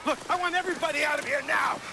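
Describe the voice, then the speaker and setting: An actor playing a father and landowner who shouts and pleads forcefully. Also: very high-pitched, steady tone, very fast. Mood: angry, commanding. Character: father, landowner, angry then desperate. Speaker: mine owner and father. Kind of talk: film acting. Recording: film audio with clear background noise.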